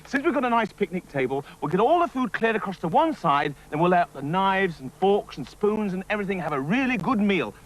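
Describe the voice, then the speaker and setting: A man presenting a children's TV show, cheerfully coaxing and chatting to puppets in a lively scripted way. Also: high voice, a little fast, hardly any pauses, poor audio.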